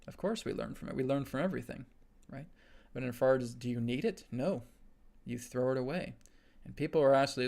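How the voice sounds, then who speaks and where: A man's voice: medium pitch, fairly quick, vocal fry, darkish tone. A male host giving a spiritual teaching on a live stream, earnest and repetitive, checking in with a frequent "right?".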